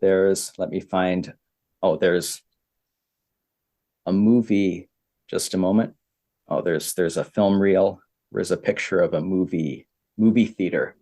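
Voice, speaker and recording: Give me a Canadian man speaking slowly and simply to beginner learners, lowish voice. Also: steady tone, mellow. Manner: repeats simple phrases, many pauses. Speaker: English teacher.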